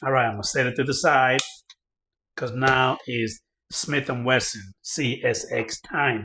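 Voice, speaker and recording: A man giving a casual hands-on product demo, chatting straight to his viewers and getting excited over the results. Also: medium pitch, moderate pace, noisy background. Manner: chatty, addresses viewers directly, excitable when reading results. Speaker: firearms reviewer.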